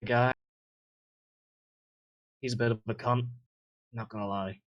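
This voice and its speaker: A man voicing a nervous male thug in a dark alley, evasive and full of swearing. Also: mid-range voice, fairly even intonation, a little slow, highs cut off, close to an everyday voice.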